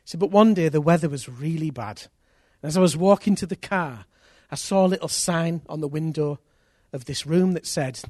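Man, sermon storytelling, high pitch, dry close sound. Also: moderate pace, hardly any pauses, no echo. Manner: animated, acts out quoted voices, repeats phrases. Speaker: preacher.

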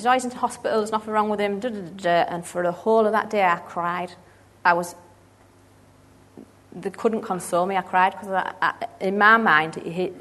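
A woman in her thirties giving a personal testimony at church, earnest and halting, with frequent restarts. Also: on the low side, fairly bright tone.

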